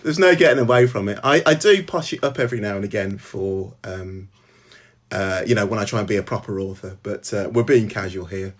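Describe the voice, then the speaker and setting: A middle-aged man with a Birmingham accent hosts a casual live stream at home, greeting viewers by name in a halting way, with lots of ums and restarts. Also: fairly low pitch. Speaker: author hosting a live stream.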